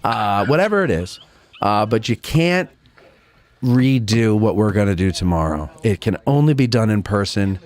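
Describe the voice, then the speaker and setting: A man's voice: fairly low pitch, expressive, moderate pace, darkish tone. Laughing, rambling podcast host man. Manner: laughing, rambling, self-mocking. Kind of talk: casual chat.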